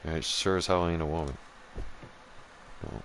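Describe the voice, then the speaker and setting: A gaming host with a very deep, creaky, fairly bright voice rants at a moderate pace, swearing in casual chat aimed squarely at his viewers while streaming. Slight background noise is present.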